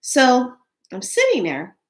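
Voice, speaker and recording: A woman telling a spiritual story in casual, animated speech with many fillers, acting out quoted voices. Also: high voice, takes it slowly.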